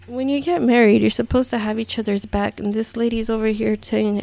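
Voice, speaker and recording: Woman, gravelly voice, mellow tone, dry close sound, incredulous countdown host. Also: a little high, steady tone, normal speed, few pauses, dry recording. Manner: incredulous, swearing asides. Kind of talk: reading a list with commentary.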